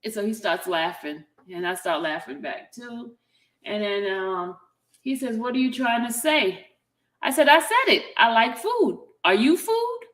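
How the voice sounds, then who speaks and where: A woman's voice: a little high, big pitch swings, unhurried, a bit bright. Chatty woman reading texts aloud. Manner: chatty, reads messages aloud with asides. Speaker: vlogger. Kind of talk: casual chat, reading out text messages. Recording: roomy echo.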